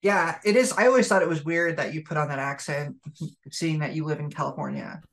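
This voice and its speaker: A woman's voice: deep voice, a little fast, creaky. A woman co-hosting a podcast, telling a story in a loose, rambling way full of fillers and restarts. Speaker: podcast co-host. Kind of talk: casual chat.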